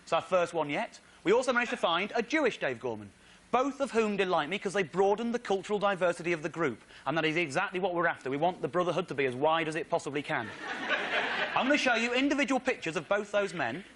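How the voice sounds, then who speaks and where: A comedian on stage, telling an excitable, indignant comic story with slides. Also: male voice, sits high, fast talker. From Britain. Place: theatre stage.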